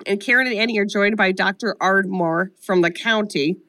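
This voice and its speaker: A woman co-hosting a podcast, retelling a film plot in a casual comedic way, animated and profane with lots of "like". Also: medium pitch, moderate pace. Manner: animated, profane storytelling full of "like". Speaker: podcast co-host.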